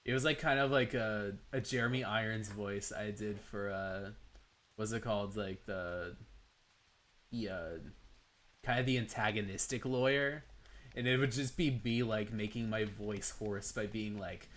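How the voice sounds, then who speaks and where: A man streaming live and chatting casually, animated and laughing often, with many filler words. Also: lowish voice, measured pace. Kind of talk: casual chat.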